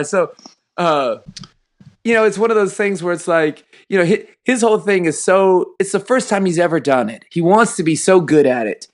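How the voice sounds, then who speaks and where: A man in his thirties, a podcast host and high school football coach, chatting casually and acting out dialogue as he tells stories. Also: lively intonation, normal speed. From Texas. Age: 30s. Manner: storytelling, acts out dialogue, laughs while telling.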